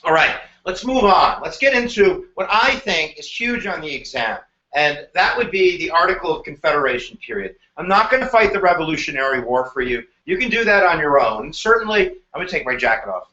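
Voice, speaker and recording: A male history teacher giving an energetic live exam review, animated and joking. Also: on the high side, brisk, hardly any pauses, roomy sound, muffled recording. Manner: animated, joking, slips into silly voices.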